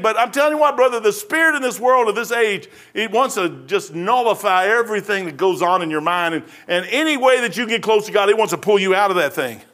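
Bright, high-voiced folksy preacher man. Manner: folksy, conversational preaching with slang and asides. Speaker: pastor. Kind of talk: sermon.

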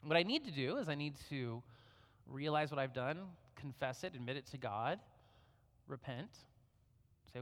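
Middle-aged male pastor, bright voice, relaxed chatty sermon delivery, long reverb in the room. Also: medium pitch, moderate pace, pauses often. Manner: conversational preaching, frequent "right?" asides.

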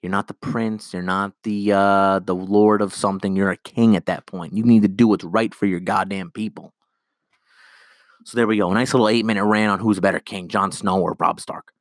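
A man hosting a solo podcast, ranting in an animated, rambling way and acting out characters' lines. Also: low voice, normal speed, dry recording, clean studio sound. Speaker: podcast host.

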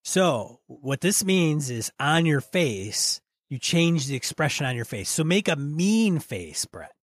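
A man's voice: a little high, sing-song, slow pace, no echo, clean studio sound. A man co-hosting a casual podcast, talking his partner through voice exercises. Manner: coaching, prompts his partner by name. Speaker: podcast co-host.

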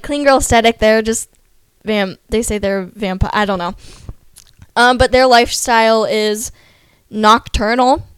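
A woman's voice: mid-range voice, clear, resonant tone, no echo. A young adult woman vlogging in a casual, rambling way, with lots of "like" fillers and self-deprecating asides. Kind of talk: casual chatty vlog.

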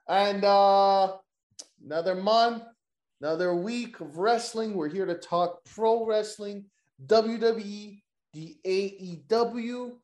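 Joking, cursing wrestling podcast host. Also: male voice, sits high, slow pace, darkish tone, echoey room. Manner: loose, joking, profane banter. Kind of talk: casual wrestling podcast chat.

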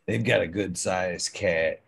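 An older man with a lowish voice, chatting casually and loosely. He wanders through his stories, swearing freely as he goes. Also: takes it slowly, gravelly, slightly rough. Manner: rambling, profane storytelling. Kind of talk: casual chat.

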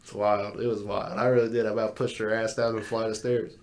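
Low-voiced man telling stories casually. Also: fast talker. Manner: swears a lot, animated storytelling. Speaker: podcast co-host. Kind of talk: casual chat.

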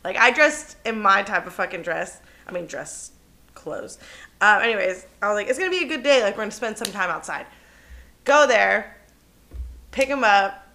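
A young woman co-hosting a podcast, telling a story in casual chat, animated and cursing freely, laughing as she goes. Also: mid-range voice, moderate pace, pauses often. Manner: animated, swears often, laughs through her story. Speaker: podcast co-host.

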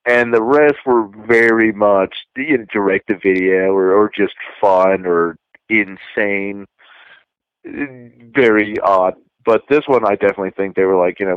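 A man in his thirties with a lowish voice talks through a casual podcast chat, wandering through his points and restarting sentences. The sound is dry and a little dull, as if from a cheap mic. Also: smooth, no echo. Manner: relaxed, meandering, many restarts. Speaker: podcast co-host.

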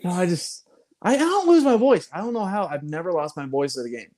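A man's voice: high voice, lively intonation, brisk, a little mellow. A man in casual podcast chat, joking and often restarting his sentences.

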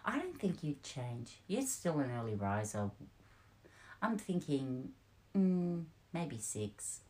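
A woman hosting a casual chat, talking in a relaxed, reflective way and asking questions. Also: low-pitched, takes it slowly.

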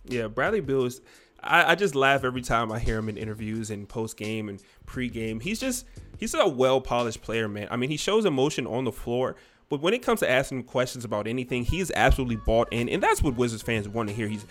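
A man's voice: medium pitch, big pitch swings, a little fast, fairly bright tone, faint music behind. A man hosting a podcast, talking sports in a loose, rambling way with lots of fillers. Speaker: podcast host. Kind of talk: casual sports chat.

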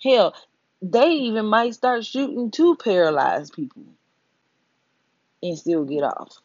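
A blunt, emphatic speaker rants to the audience with plenty of profanity and keeps checking in with "you know what I'm saying". The voice sits mid-pitch, and the audio is dull, lo-fi and dry. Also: lively intonation, takes it slowly, no room sound. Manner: blunt, emphatic, addresses listeners directly. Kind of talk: profane social-commentary rant to camera.

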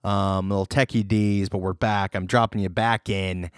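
A man co-hosting a podcast in casual chat, jokey and animated, laughing often. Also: fairly low pitch, normal speed, clean tone, no echo, studio quality. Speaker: podcast co-host.

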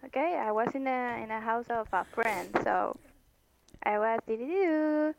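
Slow, high-voiced woman. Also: gravelly, a little hiss or hum, rough recording. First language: Spanish. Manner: animated storytelling, heavy swearing, searches for English words. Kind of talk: casual chat.

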